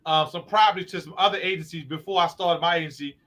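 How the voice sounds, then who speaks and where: A man's voice: fairly high pitch, quick pace, a bit bright. A man who runs a recovery program, hosting a talk show and explaining his work earnestly. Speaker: host, recovery program owner. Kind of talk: conversational talk show discussion.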